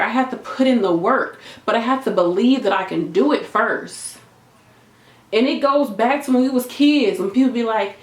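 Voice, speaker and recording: A woman nurse giving an animated, emphatic motivational talk to camera, chatty and repeating her points. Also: fairly high pitch. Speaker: nurse and video creator. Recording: echoey room.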